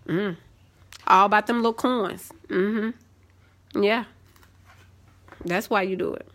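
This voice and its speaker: A young woman, hosting a casual live stream and telling sassy, animated stories. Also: medium pitch, slow, long pauses. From Southern United States.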